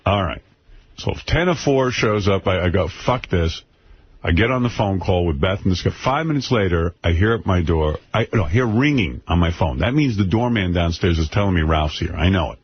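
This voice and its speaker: Radio host, lower voice, lively profane storyteller who shouts his quoted lines; dull lo-fi broadcast sound. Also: fairly quick, slight background noise. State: end of a cold. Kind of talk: casual storytelling on talk radio.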